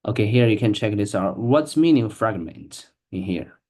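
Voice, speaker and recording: Guy reading out loud slowly, kinda low voice, stops and restarts a lot. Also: lively intonation. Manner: halting, hesitant, many restarts. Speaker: English learner. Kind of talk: reading practice with an AI assistant.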